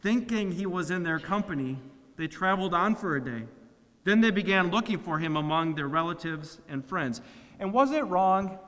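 High-voiced preacher in a reverberant hall. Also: male voice. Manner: dramatic, swings from loud emphasis to hushed, slow phrasing. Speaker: pastor. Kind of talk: sermon.

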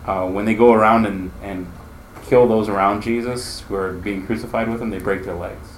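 A man's voice: on the low side, steady tone, normal speed, a little hiss or hum. A man teaching a Bible class in a conversational way, asking his listeners questions as he explains.

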